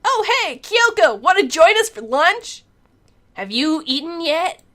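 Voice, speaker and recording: A woman's voice: very high-pitched, lively intonation, a little slow, sharp tone, voice pushed up, exaggerated voice. A woman doing a drawling surfer-dude schoolboy. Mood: friendly. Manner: drawling, laid-back.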